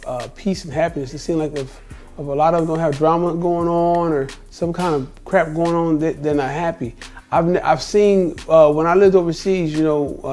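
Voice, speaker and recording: Vlogger, male, 50s, slightly high-pitched, emphatic storyteller, faint music underneath. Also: darkish tone. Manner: emphatic and repetitive, retelling with quoted dialogue. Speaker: travel vlogger. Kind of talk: casual storytelling monologue.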